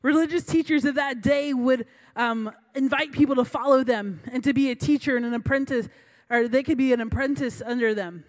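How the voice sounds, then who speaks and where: A woman's voice: high voice, a little fast, hardly any pauses. A young adult woman giving a sermon through a funny personal story, chatty and self-mocking, laughing between lines. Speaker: preacher.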